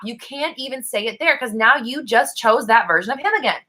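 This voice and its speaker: A woman's voice: a little high, animated, fairly quick, few pauses, bright, forceful tone. A young woman hosting a casual live stream, reading viewer comments aloud and coaching them with playful scolding and frequent laughs. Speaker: host of a live manifesting stream.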